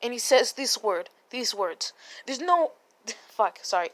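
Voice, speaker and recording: Rambling, profane high-voiced woman storyteller. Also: sing-song, unhurried, a bit bright. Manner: rambling, profane, laughing, with self-corrections. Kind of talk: casual fan story retelling.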